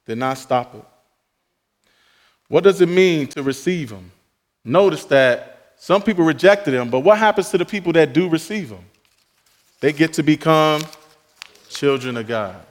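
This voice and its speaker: A male pastor preaching a sermon emphatically, rising on key phrases and dropping to soft, quiet asides. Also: on the high side, in a large hall.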